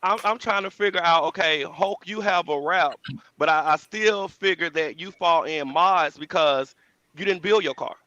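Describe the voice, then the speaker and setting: A man's voice: on the high side, moderate pace, pushed and bright, dry recording, muffled recording. A man in a casual online car talk, pressing another panelist with repeated questions. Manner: probing, repeats questions to pin down a point. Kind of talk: casual group discussion.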